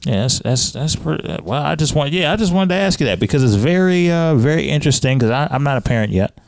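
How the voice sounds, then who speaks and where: A man hosting a casual podcast conversation, leading with questions and pitching up when he presses a point. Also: lively intonation, quick pace, creaky, no room sound. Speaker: podcast host.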